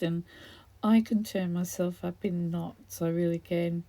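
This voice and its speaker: A woman's voice: fairly low pitch, steady tone, moderate pace, creaky, dark tone. A middle-aged woman chatting casually while crafting, rambling and laughing often. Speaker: craft video host.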